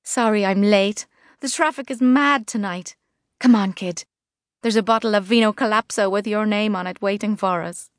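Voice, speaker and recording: A woman voicing a brash, chatty expat woman with a Liverpool accent in an audiobook, loud and cheeky. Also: mid-range voice, moderate pace, no room sound, clean studio sound, natural voice. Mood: breezy. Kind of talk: audiobook character voice.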